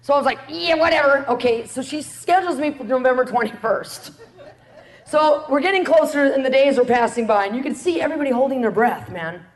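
A woman giving a lively spoken testimony to an audience, acting out the people in her story and laughing often. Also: high voice, a little fast. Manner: animated storyteller, acts out quotes, laughs often. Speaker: ministry speaker sharing testimony.

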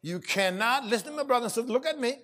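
A man preaching a sermon, shouting and drawing call-and-response from his congregation. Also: very high voice, expressive, racing. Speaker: pastor. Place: church service. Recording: live church audio with crowd responses.

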